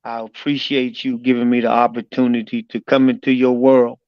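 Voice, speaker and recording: A man on a live stream thanking a guest and giving him warm encouragement. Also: medium pitch, little pitch movement, moderate pace, clear, resonant tone, dry recording. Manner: grateful, encouraging. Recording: dull lo-fi dry sound.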